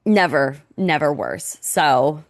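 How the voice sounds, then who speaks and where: A pregnant woman co-hosting a podcast in casual chat, animated and quoting herself in lively voices. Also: low voice, slow, no echo, studio quality. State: pregnant, recovering from sickness. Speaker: podcast co-host.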